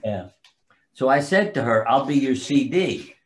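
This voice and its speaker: A man's voice: medium pitch, very animated, measured pace. An older man, a physician and author, telling long anecdotal stories as a guest in a casual interview and sometimes losing track of names. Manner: rambling anecdotal storytelling, forgets names.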